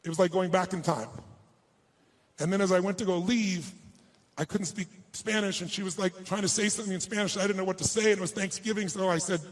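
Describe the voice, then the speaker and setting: Guy giving a motivational talk, kinda high voice for a man, heartfelt storytelling that slows way down on the emotional bits. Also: fairly even intonation, slight background noise. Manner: persuasive and rallying. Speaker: motivational speaker. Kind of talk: storytelling speech to an audience.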